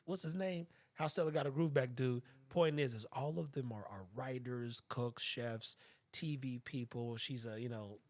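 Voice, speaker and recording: A man in casual podcast chat, blunt and profane as he tells stories. His pitch is ordinary for a man, and the recording is dry with no room sound. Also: no room sound. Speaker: podcast host.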